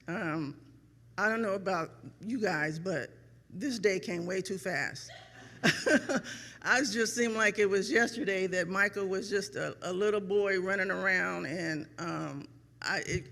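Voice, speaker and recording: A middle-aged woman giving an emotional, grateful speech as a parent at a ceremony, with many pauses and ums. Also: lowish voice, creaky, a bit bright, in a large hall. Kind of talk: heartfelt speech. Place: event hall.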